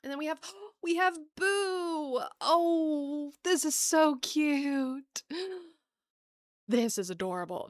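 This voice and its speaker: A woman with a Southern US accent hosting a casual card-opening video, bubbly and gushing, thinking aloud and laughing softly as she talks to viewers. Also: mid-range voice, smooth, dry recording, clean studio sound. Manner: bubbly, gasping and gushing over cute cards. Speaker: card-opening channel host.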